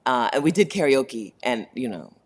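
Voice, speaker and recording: A woman's voice: extremely low pitch, big pitch swings, normal speed. A woman hosting a casual livestream chat, talking candidly and laughing often. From United States. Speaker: host.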